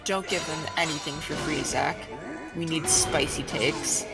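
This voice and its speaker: A woman's voice: low voice, measured pace, over music. A woman co-hosting a charity stream, reading donations and teasing her co-host playfully. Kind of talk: casual stream chat.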